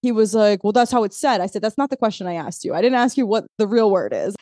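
A woman co-hosting a podcast in casual chat, telling a story with lively asides and acting out quoted exchanges. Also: medium pitch, fast talker, dry recording, studio quality. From Azores. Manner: animated storyteller, laughs often, acts out quoted texts. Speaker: podcast co-host.

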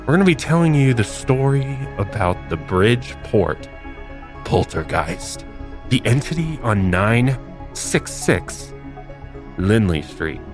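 Theatrical, animated male podcast host. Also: mid-range voice, slow, over music. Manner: mock-dramatic, theatrical. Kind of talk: comedic podcast narration.

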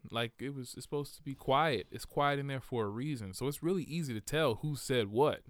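A man co-hosting a podcast in casual chat, animated and opinionated. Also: medium pitch, fairly quick, dry recording. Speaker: podcast co-host.

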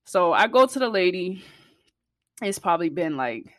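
A woman telling a personal story to her viewers in a casual way, blunt and profane, getting louder and higher when she gets heated. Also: normal speed, dry recording, studio quality. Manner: blunt, profane and animated, rising in pitch and volume when heated. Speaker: vlogger.

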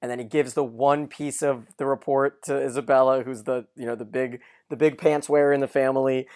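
A man in a casual podcast chat, walking through a show's scenes and jumping into the characters' lines as he retells them. His voice sits at an ordinary middle pitch. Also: brisk, clear, resonant tone. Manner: animated storyteller who acts out quoted lines. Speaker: podcast co-host recapping a TV episode.

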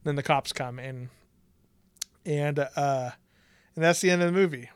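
A man's voice: a little high, measured pace, smooth, no room sound. A young man co-hosting a podcast in casual chat, laid-back and jokey, laughing often. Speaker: podcast co-host.

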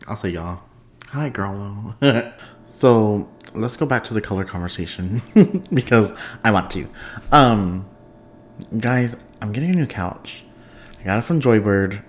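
A man hosting a casual solo podcast, telling stories in a chatty, animated way and laughing often. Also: on the low side. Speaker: podcast host.

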